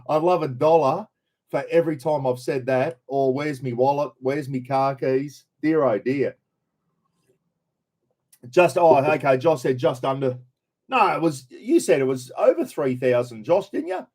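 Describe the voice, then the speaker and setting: A man's voice: on the high side, lively intonation, unhurried, darkish tone. A middle-aged Australian man hosting a casual live stream, chatting loosely, greeting viewers by name and swearing freely.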